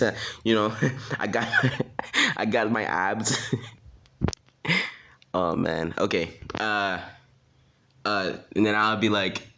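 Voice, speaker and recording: Late-teen guy with a low voice, casual, chuckling storyteller. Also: moderate pace, bright, forceful tone. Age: late teens. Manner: laughs through his lines, loose and self-mocking. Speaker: vlogger. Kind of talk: jokey storytime monologue.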